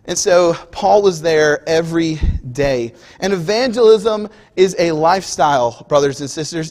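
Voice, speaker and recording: A man's voice: on the high side, a little slow, hardly any pauses, darkish tone. A male preacher giving a conversational sermon, acting out everyday scenes for the congregation in a church. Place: church auditorium. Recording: long hall reverb.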